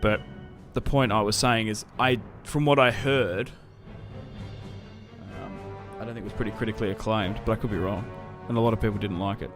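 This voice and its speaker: A man's voice: lowish voice, steady tone, brisk, music in the background. A young man with an Australian accent, chatting casually to viewers on a strategy game livestream, rambling with many fillers and restarts. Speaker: streamer.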